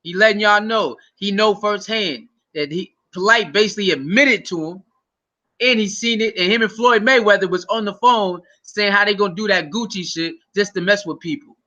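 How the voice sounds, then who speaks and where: A man hosting his channel, giving excitable, profane reaction commentary. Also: high-pitched, moderate pace, lo-fi sound. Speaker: channel host.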